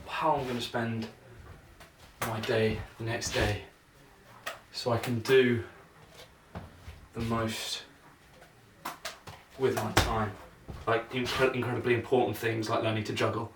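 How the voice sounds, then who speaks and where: A young man vlogging casually while he practises juggling, thinking out loud in a rambling, self-mocking way. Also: mid-range voice, level tone, slow pace, pauses often. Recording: echoey room, mic at a distance, noisy.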